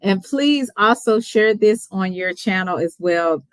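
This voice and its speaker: A woman's voice: mid-range voice, lively intonation, unhurried, clear, resonant tone, no room sound. A woman with a Texas accent hosting a casual livestream chat, chatty and hesitant with many ums, often laughing. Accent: Texan. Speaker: host.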